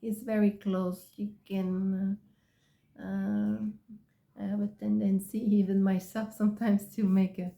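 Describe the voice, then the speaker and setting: A woman with a mellow, medium-pitched voice teaches an English phonics lesson, repeating example words. She speaks slowly and deliberately, drawing out vowel sounds with many pauses, and the sound is dull and slightly lo-fi.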